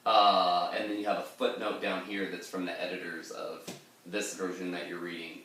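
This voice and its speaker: Chatty low-voiced man explaining poetry. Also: little pitch movement, normal speed, fairly bright tone, distant mic. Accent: pirate-style put-on accent in readings. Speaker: literature lecturer. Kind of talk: informal poetry lesson with pirate-voiced readings. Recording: echoey room, voice a bit off-mic.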